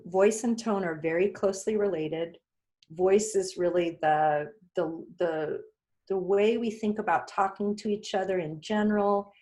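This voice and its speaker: A woman's voice: on the low side, darkish tone. A woman speaker answering questions as a hiring manager, patiently laying out simple rules in a teacherly way. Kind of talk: explanatory Q&A answers.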